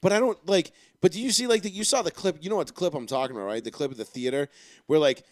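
A man's voice: a little high, fast, no room sound, studio quality. A young man co-hosting a podcast in casual chat, ranting with lots of swearing and filler words. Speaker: podcast co-host.

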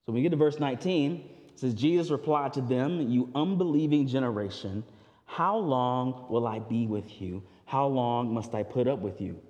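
A male pastor preaching a sermon, animated, jumping high when acting out voices and dropping low and slow for emphasis. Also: long reverb tail, lo-fi sound.

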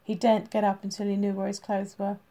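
A woman narrating a crime novel as an audiobook, with steady, even storytelling. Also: mid-range voice, fast talker.

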